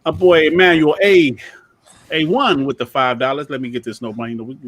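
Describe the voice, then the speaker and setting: A man's voice: a little high, fairly quick, dry recording, highs cut off. Man on a dry podcast mic, slangy. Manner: relaxed, slangy, reads viewer donations aloud. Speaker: podcast co-host. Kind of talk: casual gaming podcast chat.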